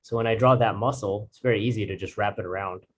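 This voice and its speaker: A man's voice: on the low side, fast, slight background noise. A man teaching drawing in a casual, rambling way, restarting sentences and using fillers. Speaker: art instructor.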